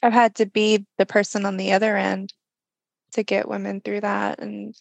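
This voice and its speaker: A woman hosting a podcast interview, responding in a gentle, empathetic and soft-spoken way. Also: medium pitch, flat delivery, normal speed, vocal fry, no room sound. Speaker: podcast host.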